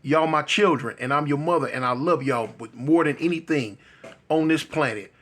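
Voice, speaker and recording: A worried mother pleads with her sons in a low, soft voice, as a male storyteller puts her on. The voice barely shifts from the teller's own, just quieter and heavier. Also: normal speed. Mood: pleading. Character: tearful worried middle-aged mother.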